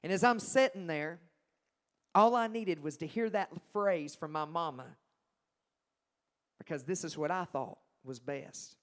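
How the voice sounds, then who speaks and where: A young man shares his testimony with a congregation, dramatic and emphatic. His voice sits a little high for a man and swings between loud bursts and near-whispers. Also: a little slow, long pauses. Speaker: Christian singer-songwriter giving his testimony. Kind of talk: personal testimony storytelling.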